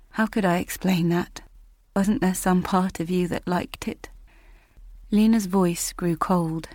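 A woman narrating an audiobook in the first person, measured, dropping to a hush in tense passages. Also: fairly low pitch, fairly even intonation, no room sound, studio quality.

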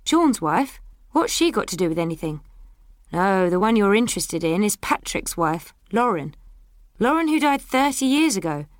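A woman's voice: mid-range voice, sing-song, moderate pace, no echo, clean studio sound, lightly acted. A woman voicing a contemptuous older village woman who fires pointed questions in an audiobook. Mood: scornful.

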